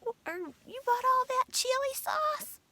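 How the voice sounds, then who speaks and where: A woman voicing her husband as a baffled man asking incredulous questions, in a high, squeaky put-on voice. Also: steady tone, takes it slowly, noisy background. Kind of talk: quoting in a put-on voice.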